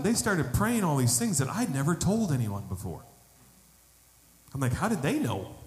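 Animated preacher man in an echoey hall. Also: medium pitch. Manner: animated storytelling, rising to emphatic exhortation. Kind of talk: sermon with personal testimony. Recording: echoey hall with long reverb.

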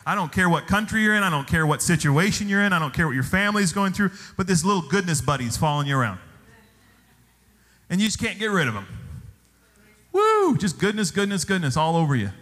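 A male pastor preaching a sermon, telling stories with animated exclamations. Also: high-pitched, fast talker. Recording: long hall reverb.

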